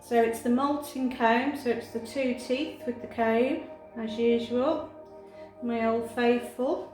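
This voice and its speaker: A woman grooming a cat, talking softly and coaxingly while explaining her work. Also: a little high, fairly even intonation, slow. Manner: soft, coaxing, chatty. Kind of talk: grooming commentary. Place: grooming room. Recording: echoey room with music behind.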